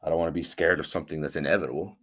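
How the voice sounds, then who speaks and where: A man's voice: a bass voice, fairly even intonation, racing, fairly bright tone. A man hosting his own podcast alone, talking in a rambling, profane, hyped-up way. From Northern California. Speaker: podcast host. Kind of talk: casual solo podcast monologue.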